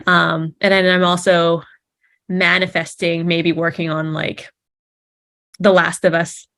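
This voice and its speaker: A woman's voice: on the low side, flat delivery, takes it slowly, vocal fry, fairly bright tone. A young woman, an actress, chatting casually in an interview, bubbly and giggly with many fillers and restarts.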